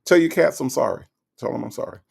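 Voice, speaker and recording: A man's voice: medium pitch, expressive, quick pace, vocal fry, a little mellow, breathy edge. A man hosting a livestream in casual chat, reading out viewer comments and teasing them playfully. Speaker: livestream host.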